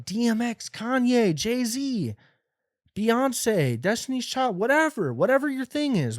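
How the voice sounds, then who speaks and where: A young American man hosting a comedy podcast, rambling through a profane, animated monologue full of restarts. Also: on the high side, dry recording, clean studio sound. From United States. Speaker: podcast host.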